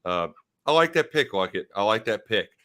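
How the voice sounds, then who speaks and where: A man's voice: fairly low pitch, expressive, normal speed, bright, forceful tone. A man co-hosting a podcast in casual sports betting chat, with playful, jokey, self-mocking banter. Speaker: podcast co-host.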